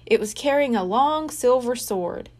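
A woman reads a children's storybook aloud at an unhurried pace. Her voice sits fairly high and she gives each line clear, careful expression. Every phrase gets room to land. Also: animated, a little mellow. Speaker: children's book reader. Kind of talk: read-aloud storybook narration.

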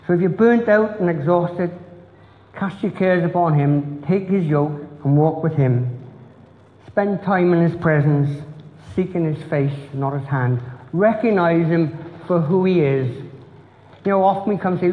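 Brief: a middle-aged man preaching earnestly, fairly high voice, roomy church echo. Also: a little slow. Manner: earnest, repetitive, preacherly cadence. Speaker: pastor. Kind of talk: sermon. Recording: tinny phone-like sound in echoey church hall.

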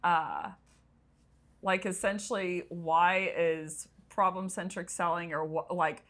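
A woman's voice: on the low side, fairly even intonation, takes it slowly, fairly bright tone. A woman co-hosting a casual chat, talking chattily and laughing often. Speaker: podcast co-host.

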